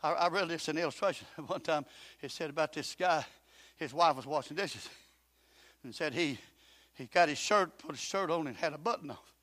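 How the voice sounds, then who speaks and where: A pastor with a high, bright voice preaches a storytelling sermon. His talk is folksy and plain. He swings from hushed asides to loud shouts. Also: a little fast. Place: church.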